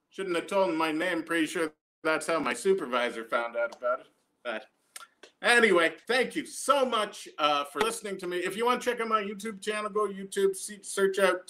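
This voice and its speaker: A young Canadian man runs a stand-up story with deadpan asides and a habit of tagging lines with "right?". His voice is bright and sits a little high. He tells it loosely, in a casual tone. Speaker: stand-up comedian. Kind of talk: stand-up set streamed from home.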